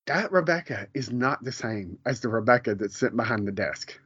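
A man co-hosts a casual podcast and talks in loose, rambling bursts full of fillers and quick laughs. His voice sits at a middle pitch. The recording is dry and a little dull and lo-fi. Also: expressive, fairly bright tone, breathy edge, dry recording. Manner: rambling, many fillers and restarts, laughs often. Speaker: podcast co-host. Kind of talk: casual chat about a TV episode. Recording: dull, lo-fi home podcast audio.

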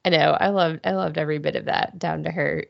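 Female podcast co-host, casual and quick to laugh; low voice with heavy fry, slightly dull sound. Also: fairly even intonation, no room sound. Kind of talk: casual chat.

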